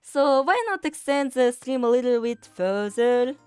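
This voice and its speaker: Slow, rambling streamer woman. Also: sits high, a little mellow, clean tone, dry recording, soft background music. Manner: rambling, swears freely, many fillers. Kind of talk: casual game-stream chat.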